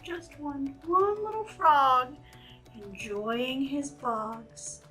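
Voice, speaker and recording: A woman reading picture books aloud to children, animated and full of gasps and exclamations. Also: sits high, very slow, echoey room, far from the mic, faint music behind, rough recording. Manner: animated, gasping, exclaiming to young listeners. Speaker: children's storytime reader.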